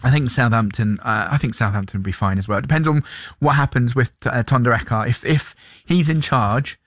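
A man co-hosting sports radio, chatty and animated as he argues football points. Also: medium pitch, fairly quick, no echo, clean studio sound. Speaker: radio co-host. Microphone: studio microphone.

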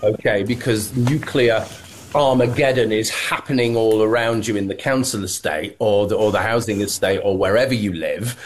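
A man's voice: on the low side, normal speed, a little hiss or hum. A man co-hosting a casual political chat, sardonic and mocking, often restarting his sentences. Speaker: co-host.

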